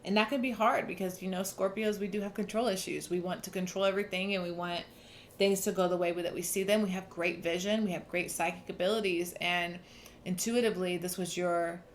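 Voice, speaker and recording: A young adult tarot reader speaks fairly quickly in a steady, lowish voice, with slight noise in the background. Her reading is casual and earnest, emphatic, full of restarts.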